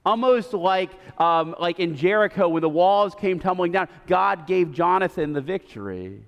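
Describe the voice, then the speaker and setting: A man's voice: high-pitched, expressive, moderate pace, gravelly, lo-fi sound. A male pastor preaching a sermon, retelling the story casually and animatedly with lots of fillers, recorded in a reverberant church sanctuary.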